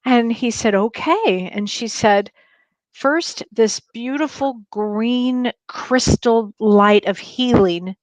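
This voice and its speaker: A woman's voice: a little high, slow, no room sound. A woman co-hosting a livestream talk show, sharing a story in an earnest, eager way. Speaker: co-host. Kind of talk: casual chat on a livestream show.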